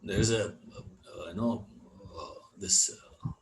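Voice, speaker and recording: A man teaching a scripture class, unhurried, repeating words and filling gaps with "you know". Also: lowish voice, poor audio. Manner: chants Sanskrit verse. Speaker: Vedanta teacher.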